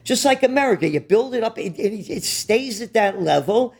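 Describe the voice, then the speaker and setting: A man's voice: high voice, lively intonation, normal speed, a little mellow. A man co-hosting a political talk show, ranting with profanity and biting sarcasm. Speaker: co-host.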